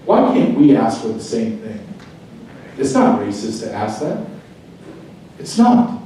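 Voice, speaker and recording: A man's voice: mid-range voice, very animated, measured pace, slight background noise. Middle-aged guy preaching hard at a club, big echoey hall sound, mic far off. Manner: fervent, preaching, swings loud and quiet. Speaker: retired border agent giving a speech. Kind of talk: impassioned speech to a club.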